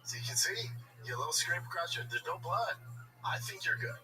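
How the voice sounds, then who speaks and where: A man's voice: high-pitched, fast talker, background noise. A man guesting on a podcast in casual chat, telling stories and acting out the voices of others. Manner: animated storyteller acting out dialogue. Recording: distant mic with music behind.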